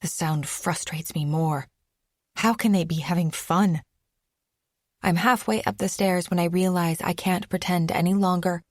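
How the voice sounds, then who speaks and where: A woman's voice: fairly low pitch, fairly even intonation, a little slow, darkish tone, no room sound, studio quality. A woman narrating an audiobook in the first person, with a tense, anxious delivery. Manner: tense, anxious inner monologue.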